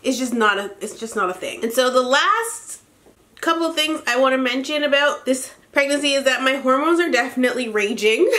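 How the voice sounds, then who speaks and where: A woman's voice: a little high, pushed and bright. A young pregnant woman vlogging, telling an exasperated story in a casual ranting style and swearing freely. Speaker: beauty vlogger.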